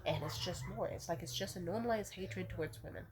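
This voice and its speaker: Young woman venting hard on camera, lowish voice, swears a lot, blunt. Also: fairly quick, crowd noise. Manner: blunt, profane, heated; repeats herself to restate points. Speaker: vlogger. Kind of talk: casual rant to camera.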